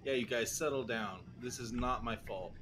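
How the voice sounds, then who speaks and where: A man's voice: mid-range voice, normal speed, fairly bright tone, slight background noise. A man joking with a live-stream host in casual, teasing banter, laughing often.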